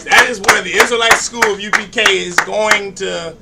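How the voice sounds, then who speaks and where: A man's voice: high-pitched, steady tone, normal speed, gravelly, very noisy. A man leading a religious class, preaching and making announcements with loose, joking asides and call-and-response. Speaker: class leader. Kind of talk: sermon-style class address. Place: congregation hall.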